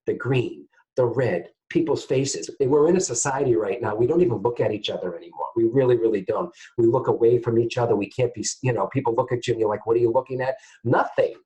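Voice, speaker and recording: A man teaching psychic mediumship to camera in a casual, animated way, often checking in with his viewers. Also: medium pitch, fast talker, highs cut off. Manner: animated, keeps checking in with "guys, okay?".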